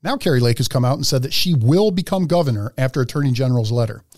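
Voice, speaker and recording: A man's voice: mid-range voice, animated, quick pace, a little mellow, no echo, studio quality. A man co-hosting a podcast in casual chat, rambling and laughing as he talks, sometimes reading news items aloud. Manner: rambling, laughs between words. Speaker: podcast co-host.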